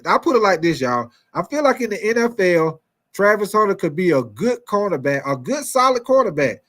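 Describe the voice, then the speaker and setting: Man, fairly high voice, sports talk host, energetic, chatty with viewers. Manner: energetic, repetitive, calls out to viewers with 'y'all' and 'man'. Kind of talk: casual sports talk, addressing viewers and chat.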